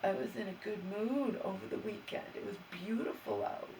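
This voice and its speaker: Gravelly woman venting, far off mic. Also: mid-range voice, moderate pace, darkish tone, slight background noise. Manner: aggrieved and exasperated, stammering restarts. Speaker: vlogger. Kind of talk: venting personal vlog.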